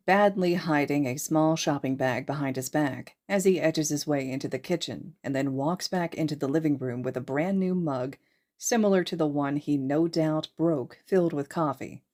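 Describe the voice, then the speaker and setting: A woman narrating a fan fiction podfic with steady storytelling. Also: low-pitched. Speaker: podfic reader.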